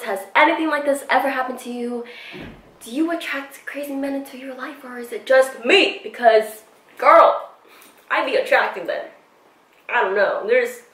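Young woman vlogger, higher voice, animated and foul-mouthed, recorded in a roomy space off-mic. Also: distant mic. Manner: animated, swears freely, slangy. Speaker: beauty vlogger. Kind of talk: casual storytime chat. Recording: echoey room, mic set back.

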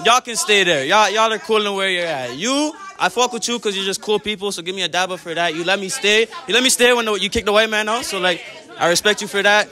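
Cocky teenage guy with a very high voice. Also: fast talker, sharp tone. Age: teens. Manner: cocky, roasting, laughing. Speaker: participant rating girls. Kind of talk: casual street banter.

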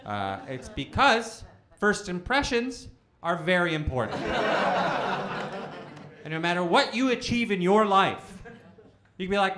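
A man's voice: high-pitched, very animated, a little slow, long pauses. A man in his thirties doing a stand-up comedy set in a bowling alley venue, telling stories animatedly and acting out the dialogue in shifting voices. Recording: roomy live venue with crowd laughter.

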